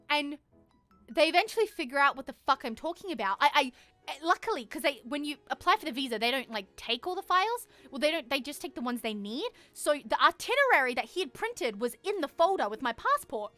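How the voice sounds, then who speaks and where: Young woman streamer, high bright voice, animated and foul-mouthed, chatting with her audience over faint music. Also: a little fast, dry recording. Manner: animated, profanity-laced, laughs through the story. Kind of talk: casual storytelling to stream chat.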